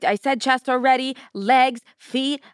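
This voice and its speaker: Sassy young woman, higher voice. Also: steady tone, a little slow, clean tone, dry recording, clean studio sound. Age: 20s. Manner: sassy, playful, slangy. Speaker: podcast host. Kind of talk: casual ad reads and monologue.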